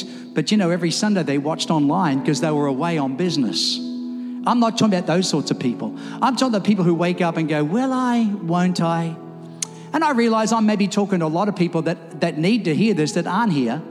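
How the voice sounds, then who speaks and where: A man preaching a sermon in a church, telling stories and acting them out with lively, rising delivery. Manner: animated, acts out his stories with rising pitch. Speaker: pastor. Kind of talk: sermon with storytelling. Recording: reverberant church hall with music.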